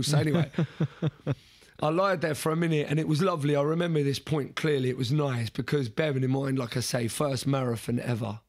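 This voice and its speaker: A man's voice: on the high side, steady tone, a little fast. A young man, a podcast guest, telling an earnest story in conversation, often restarting and repeating words.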